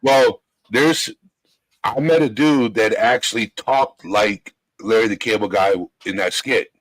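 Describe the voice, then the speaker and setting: A man's voice: on the low side, a little slow, fairly bright tone, dry recording, low-quality recording. Laughing Southern man telling stories. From Southern United States. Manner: laughs often, tells stories. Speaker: guest. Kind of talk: casual livestream chat.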